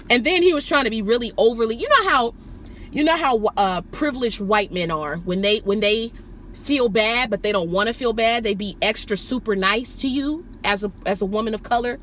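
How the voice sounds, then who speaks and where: Woman, rideshare driver, profane animated storytelling, bright voice, faint car noise. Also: fairly high pitch, moderate pace. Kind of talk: storytelling vlog.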